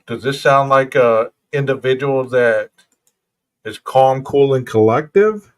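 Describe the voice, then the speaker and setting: A man's voice: medium pitch, unhurried. Man reading a case report. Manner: casual, reads documents then comments to listeners. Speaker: podcast host. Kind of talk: true crime podcast, reading reports aloud.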